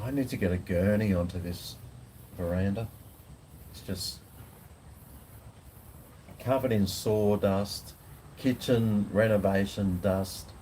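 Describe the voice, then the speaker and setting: A man's voice: on the low side, dark tone, a little hiss or hum. An Australian man, a food vlogger, chatting casually and rambling in a laid-back way on a home veranda. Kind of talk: casual live chat.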